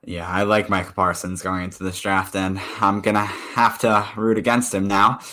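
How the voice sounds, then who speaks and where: A man's voice: deep voice, flat delivery, moderate pace, pushed and bright. A man co-hosting a casual sports podcast, rambling with frequent restarts. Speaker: podcast co-host.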